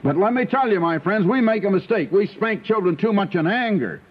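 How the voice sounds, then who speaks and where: An older male preacher tells homely stories in a folksy radio sermon. His pitch swings up and down with feeling. The sound is thin and tinny, like an old radio broadcast. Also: a little fast. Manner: folksy storytelling preaching, animated.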